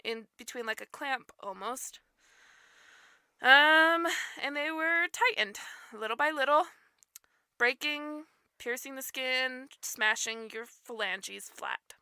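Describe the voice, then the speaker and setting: A woman hosting a casual podcast chat with friends, giggling as she tells a dark story. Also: high voice, slow, long pauses, dry recording. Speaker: podcast host.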